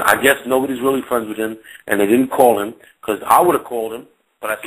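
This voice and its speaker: A man's voice: mid-range voice, fast talker, a little hiss or hum, low-quality recording. A man giving blunt, insistent opinions in a casual panel chat, often asking "you understand?". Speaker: battle rap commentator.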